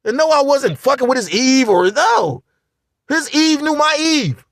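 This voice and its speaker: High, lively man ranting profanely. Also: unhurried, no echo, studio quality. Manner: profane, rambling, animated ranting. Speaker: vlogger. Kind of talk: casual spiritual monologue.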